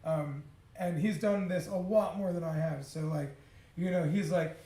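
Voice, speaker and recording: High-voiced man telling a raw personal story. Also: fairly even intonation, brisk, reverberant, rough recording. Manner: profane, emotional, laughs often. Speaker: speaker sharing a personal story. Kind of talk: raw confessional storytelling talk.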